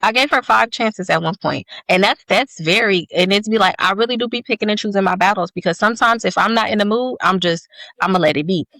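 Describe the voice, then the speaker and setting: A woman's voice: mid-range voice, fairly bright tone, dry recording. Woman co-host, casual chat, blunt and profane, dry close sound. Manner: blunt, profane, talks fast in long stories. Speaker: podcast co-host.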